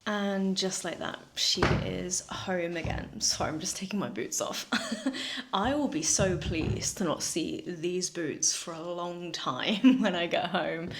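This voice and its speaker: A woman's voice: lowish voice, steady tone, a little slow, heavy background noise. Woman in her 30s, vlogger, chatty, giggly, self-deprecating, casual storytelling.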